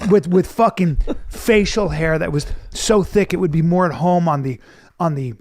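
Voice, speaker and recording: A comedian in his fifties telling stories and chatting on a podcast in an animated, profane, self-mocking way. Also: on the high side, moderate pace, no room sound, studio quality. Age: 50s. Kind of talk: casual chat and storytelling.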